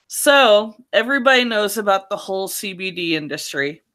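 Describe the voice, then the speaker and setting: A woman's voice: medium pitch, a bit bright. A woman co-hosting a podcast, talking bluntly and laughing easily in casual news chat. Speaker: podcast co-host.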